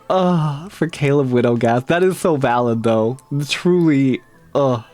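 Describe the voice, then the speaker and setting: A man's voice: mid-range voice, expressive, very slow, long pauses, a little mellow, faint music behind. A man streaming live, chatting casually and reading tarot cards, giggly and rambling with frequent laughs.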